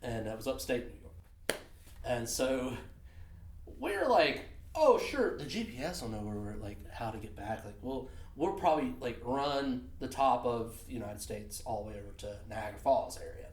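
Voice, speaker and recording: A man's voice: medium pitch, moderate pace, a little mellow, reverberant. A man co-hosting a podcast, telling a profane road story in casual chat and laughing often. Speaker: podcast co-host.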